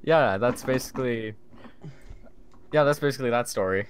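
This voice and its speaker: A man co-hosting a casual podcast, relaxed and joking as he tells a story. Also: medium pitch, moderate pace, a little hiss or hum. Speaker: podcast co-host. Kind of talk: casual chat.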